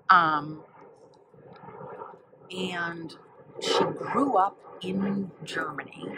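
A woman with a low voice talks slowly through a casual book review. She rambles and leaves many pauses filled with "um" while she flips through pages to find examples. A faint hum of room noise sits under her voice. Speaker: book vlogger.

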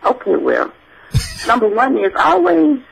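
A man's voice: very high voice, wildly swooping pitch, unhurried, creaky, a bit bright, breathy edge, exaggerated voice, rough recording. A man playing a churchy elderly grandmother who calls everyone sugar and keeps calling on the Lord. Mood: preachy. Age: older. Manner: effusive, preachy, exclaims Lord and Jesus. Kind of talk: comic call-in character bit.

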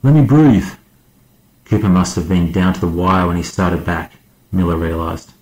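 A man narrating an audiobook as a guest reader, in a measured, steady way. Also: deep voice, echoey room, poor audio.

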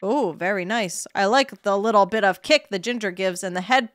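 A woman's voice: medium pitch, normal speed, dry recording, clean studio sound, close to an everyday voice. A woman voicing a grumpy male TV chef judge in a mock British accent, clipped and critical. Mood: judging.

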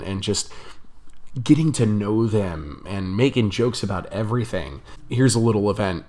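A young man telling a rambling story on his vlog, chatty and laughing often. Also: lowish voice. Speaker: vlogger.

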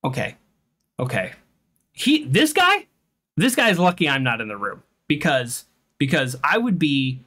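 A game streamer commenting over a playthrough in a lively voice that swings widely up and down. The delivery is heated and animated, with points argued out loud at length. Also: medium pitch. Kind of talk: let's play commentary.

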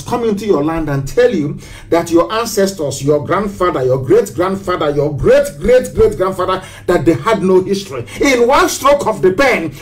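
A political activist from southeastern Nigeria gives an impassioned, preachy speech on a live broadcast, hammering home rhetorical questions and repetitions. His voice sits high.

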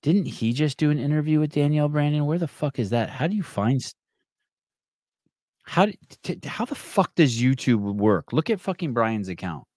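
A man's voice: on the high side, animated, moderate pace, darkish tone, no echo, studio quality. Profane rambling male podcast host. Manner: rambling and profane, with frequent restarts. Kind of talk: casual chat.

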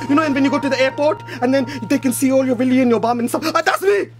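A man playing a loud, vain, bossy shop boss, shouting and scolding his staff in a comedy sketch. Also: extremely high pitch, racing. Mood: bragging. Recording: music playing behind the voice.

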